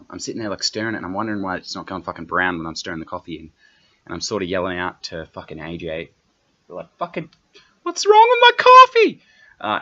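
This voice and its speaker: A man's voice: sits low, a bit bright, highs cut off. A young Australian man hosting a solo comedy podcast, rambling and swearing constantly in a brash, offhand way. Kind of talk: profane solo podcast rant.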